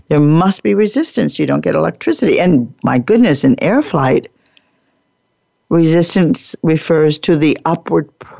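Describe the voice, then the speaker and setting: A woman hosting a podcast, giving a deliberate, emphatic teaching talk and repeating her key phrases. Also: low voice, creaky, warm tone, dry recording, highs cut off. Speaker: podcast host. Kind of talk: teaching talk on workplace improvement.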